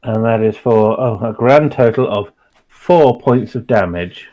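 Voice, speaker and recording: Tabletop player, a man, slow and unhurried, hesitant and full of fillers. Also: lowish voice, mellow, lo-fi sound. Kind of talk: describing his character's actions in a tabletop game.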